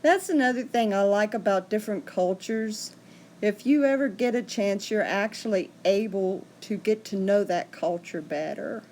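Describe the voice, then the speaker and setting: A woman's voice: medium pitch, normal speed, a little mellow, a little hiss or hum. Woman, livestream host, chatty, answering viewers. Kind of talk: casual livestream chat with viewers.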